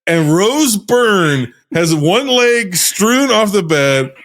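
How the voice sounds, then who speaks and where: A man co-hosting a casual podcast, talking in animated bursts with swearing and loud laughter. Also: high voice, drawn-out words. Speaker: podcast co-host. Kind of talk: casual chat.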